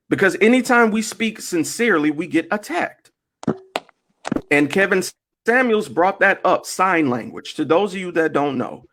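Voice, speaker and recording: A man's voice: fairly high pitch, fairly bright tone. A man hosting a casual online group discussion, talking emphatically, asking rhetorical questions and swearing.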